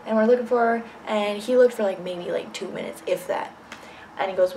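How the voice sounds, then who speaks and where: A woman's voice: medium pitch, brisk, gravelly, warm tone, a little hiss or hum, poor audio. Blunt, candid young woman vlogger. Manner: blunt, candid, swears freely. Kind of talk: casual storytime vlog.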